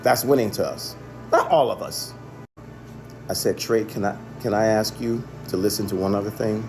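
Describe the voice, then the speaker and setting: A man's voice: lowish voice, normal speed, a little mellow, soft background music. A man, a chef, telling the story of a phone call in an earnest monologue, often repeating himself for emphasis. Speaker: chef and restaurant owner.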